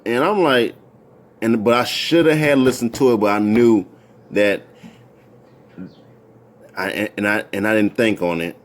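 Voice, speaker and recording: A man's voice: unhurried, pauses often. A man in his thirties telling a personal story in a casual, rambling way, repeating himself and restarting his sentences. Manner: rambling, repeats words and restarts, jumps into high excited voices when quoting.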